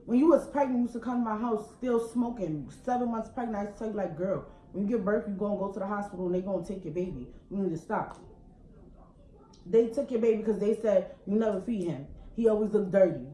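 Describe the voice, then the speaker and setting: A young woman, telling a heated story on a casual couple vlog, ranting in quick slang. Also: mid-range voice, warm tone. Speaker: couple vlogger. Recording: echoey room with background noise.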